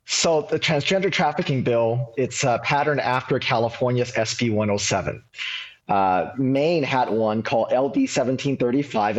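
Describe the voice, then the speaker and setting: Earnest male guest on a dull line. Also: mid-range voice. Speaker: guest, advocacy group leader. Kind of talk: remote interview.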